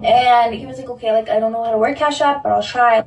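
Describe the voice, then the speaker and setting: A young woman with a fairly high voice tells a story in a chatty way, leaning on "like" and acting out the lines of others. She sounds far from the mic. The room adds a strong echo. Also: steady tone, quick pace. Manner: chatty, full of "like", acting out quoted speech. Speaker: storyteller in played audio. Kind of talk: casual storytelling. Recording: echoey, distant recorded clip.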